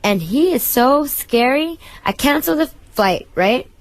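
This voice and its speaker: A woman guest in a radio interview, telling a story with lots of energy and acting out what people said with sudden pitch jumps. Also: a little slow, no room sound. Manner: excitable, acts out quotes with big jumps in pitch.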